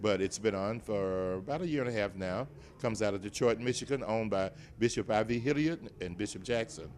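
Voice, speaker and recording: A man's voice: lowish voice, a little fast. An older man from Nashville with a Southern accent, a guest chatting playfully and teasing in an interview at an event. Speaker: guest, TV show host. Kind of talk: casual interview chat. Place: event venue, indoors.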